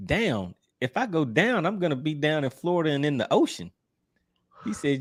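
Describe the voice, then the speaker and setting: A man's voice: a little high, big pitch swings, brisk. A man hosting a livestream, reading viewer comments aloud in an easygoing, teasing way and laughing often. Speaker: livestream host.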